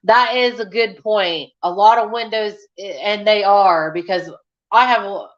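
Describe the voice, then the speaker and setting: A woman's voice: medium pitch, measured pace, dull audio. A woman hosting a casual livestream, chatting with viewers and rambling through stories. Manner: rambling and chatty, many fillers and restarts. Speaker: livestream host. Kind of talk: casual chat reading viewer comments.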